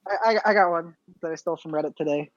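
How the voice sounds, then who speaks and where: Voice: mid-range voice, quick pace, dry recording. A co-host in a loose podcast chat, blunt and playful, throwing out casual swears in banter. The sound is a little dull and lo-fi, and dry with no room around it.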